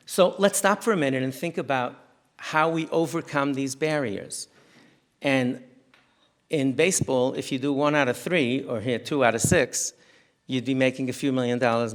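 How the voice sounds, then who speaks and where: A middle-aged man from the United States, a rabbi, lecturing a community audience in a synagogue hall. He tells stories animatedly and often restarts his sentences. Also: medium pitch. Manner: animated storyteller who acts out quotes, with frequent restarts. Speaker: rabbi giving a parenting talk.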